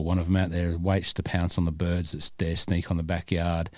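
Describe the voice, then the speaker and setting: Low-voiced man hosting a podcast. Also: level tone, moderate pace, few pauses, a little mellow, no echo. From Scotland. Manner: rambling, many fillers and restarts. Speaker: podcast host. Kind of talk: casual chat.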